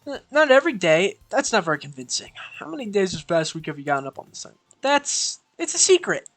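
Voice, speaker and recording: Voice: medium pitch, sing-song, a little fast, fairly bright tone, faint music behind. A streamer voicing a bubbly, clumsy teenage schoolgirl friend in a visual novel read-aloud, with a chirpy, eager delivery. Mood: flustered.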